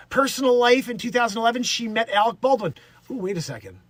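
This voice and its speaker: A man's voice: extremely high pitch, expressive, brisk, fairly bright tone, dry recording. A man hosting a live stream, chatting casually in a rambling, jokey way, laughing at his own bits. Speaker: livestream host.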